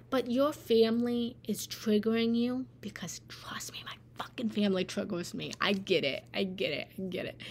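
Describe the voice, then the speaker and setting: A woman meditation teacher gives an earnest, encouraging live-stream spiritual talk, answering viewer comments. Her voice is a little high with vocal fry and a slight hiss or hum, and she repeats phrases for emphasis and slips into whispered asides.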